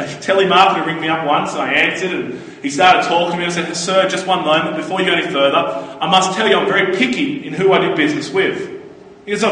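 Male preacher, high voice, earnest storyteller, distant mic in a reverberant hall. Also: bright, forceful tone. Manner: earnest, anecdotal, quotes others in brief voices. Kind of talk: sermon. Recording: echoey hall, voice from far off.

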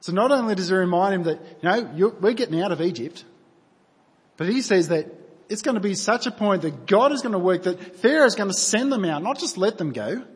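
A man's voice: high-pitched, lively intonation, brisk, husky. A man preaching a sermon in an earnest, conversational way, asking his listeners rhetorical questions. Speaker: pastor. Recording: long hall reverb.

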